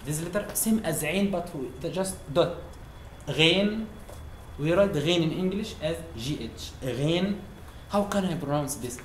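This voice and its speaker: A man's voice: fairly high pitch, expressive, normal speed, hardly any pauses, a little hiss or hum. A man from Egypt with an Egyptian accent, teaching an Arabic lesson in patient, simple English and repeating each sound. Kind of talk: language lesson. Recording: roomy echo.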